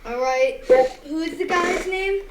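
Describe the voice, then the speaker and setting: A woman playing a tabletop game, eager and full of quick questions. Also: very high voice, slight background noise. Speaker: player. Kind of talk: tabletop game play, casual chat.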